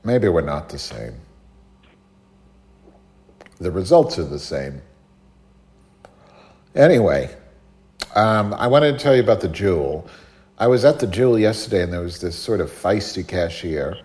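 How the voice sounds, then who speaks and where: Sardonic low-voiced man telling a story. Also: unhurried, long pauses. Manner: sardonic, animated storyteller who mimics voices. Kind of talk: casual chat, telling a story.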